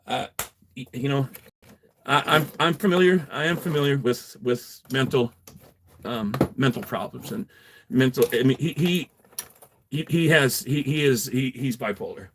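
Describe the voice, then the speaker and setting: A man's voice: mid-range voice, moderate pace, a bit bright, slight background noise. A man livestreaming from his garage, chatting casually with viewers in a rambling, profane way, laughing often and answering chat. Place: home garage.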